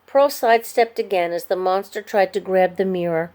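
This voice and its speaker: Woman narrator for a children's chapter book, expressive, mid-pitched voice. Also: normal speed, few pauses. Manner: storybook reading, expressive. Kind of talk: scripted narration.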